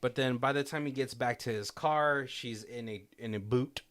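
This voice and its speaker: A man co-hosting a relaxed film commentary podcast. His voice sits in an ordinary middle pitch. He rambles through the plot and slips into quoted lines from the characters, laughing along the way. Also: normal speed. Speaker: podcast co-host. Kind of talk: casual movie commentary chat.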